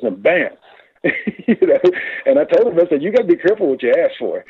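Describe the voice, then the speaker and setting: A man calling in to a radio talk show, telling his story in a rambling, halting, excited way. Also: medium pitch, breathy edge, no room sound. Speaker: caller. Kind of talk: casual phone-in story. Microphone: phone. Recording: tinny phone line.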